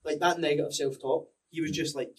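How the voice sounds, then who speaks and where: A man hosting a podcast, chatting with excitable, laughing banter. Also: a little high, brisk, far from the mic. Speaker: podcast host. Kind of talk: casual podcast chat.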